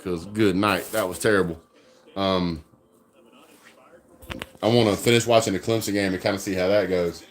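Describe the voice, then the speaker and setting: A man hosting a live fan reaction stream, excitable and trash-talking, speaking into a phone held at arm's length. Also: sits low, moderate pace, long pauses. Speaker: fan livestream host.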